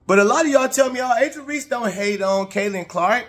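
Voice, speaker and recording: A man giving heated, indignant commentary while reacting to basketball footage, talking casually with slang and climbing loud and high when outraged. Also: fairly quick. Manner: casual slangy speech, talks over game footage. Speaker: sports commentator.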